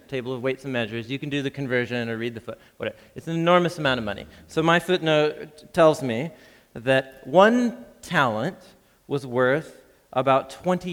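A man preaching a sermon as a pastor, lively and chuckling, acting out the voices in the scripture reading. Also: medium pitch, long reverb tail. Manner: lively, reads scripture with acted voices, laughs often.

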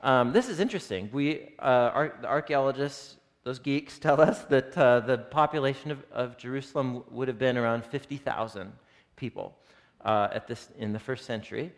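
A man's voice: mid-range voice, moderate pace. A man teaching scripture to a live group, reading passages aloud, explaining them, and asking the audience questions. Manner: animated, asks the audience questions. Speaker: Bible teacher. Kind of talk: interactive Bible teaching. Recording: long reverb of a hall.

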